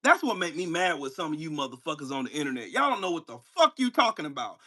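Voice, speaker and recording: A man hosting his own channel, delivering a heated, profane political rant at a commenter, firing rhetorical questions and bursting into shouts. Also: high-pitched, very animated, fast talker, few pauses. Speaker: channel host. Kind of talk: angry political rant to camera.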